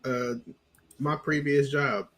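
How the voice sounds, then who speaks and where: A man co-hosting a podcast, telling stories in a casual, animated, profane way. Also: mid-range voice, slow pace. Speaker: podcast co-host. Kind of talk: casual chat.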